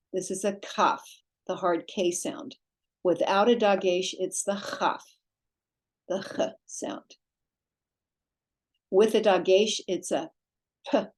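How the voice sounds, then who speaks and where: A woman's voice: mid-range voice, darkish tone, poor audio. A woman teaching a recorded language lesson, drilling letter names for repetition and explaining patiently, with small self-corrections. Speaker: Hebrew teacher.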